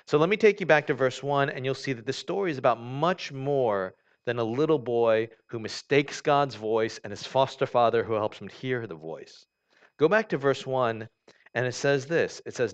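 Animated and mid-range, this pastor's voice moves at normal speed through a conversational sermon. He reads from scripture and explains it with lots of fillers and restarts, captured on a dull lo-fi recording.

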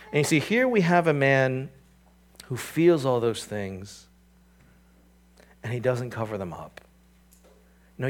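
A man preaching a sermon in a conversational way, with asides to the listeners, building to emphatic peaks and then dropping to a quiet, earnest tone. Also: mid-range voice. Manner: conversational, with "you know" and "right?" asides. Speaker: pastor.

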